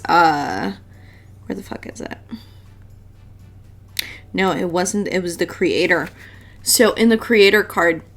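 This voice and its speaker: A woman giving a casual tarot reading to her viewers, chatty and blunt, swearing freely and laughing often. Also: mid-range voice. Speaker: tarot reader.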